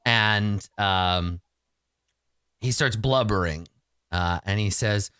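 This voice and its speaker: A man's voice: on the low side, takes it slowly, long pauses, pushed and bright, smooth, no echo, studio quality. A man narrating as game master, chatty and laughing often.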